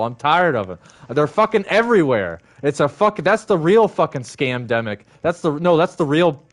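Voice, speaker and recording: A man rants heatedly into his stream, swearing often and circling back to the same points. His voice sits a little high for a man. He keeps the same worked-up tone throughout. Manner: heated, profane, repetitive. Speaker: livestream host. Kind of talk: angry ranting monologue.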